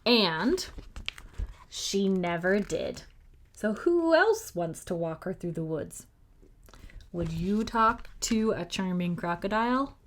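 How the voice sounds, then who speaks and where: A woman librarian reading a fairy tale aloud to young children, expressive and pausing to ask them questions. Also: mid-range voice, slight background noise. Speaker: librarian storytime host. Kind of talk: children's read-aloud storytime.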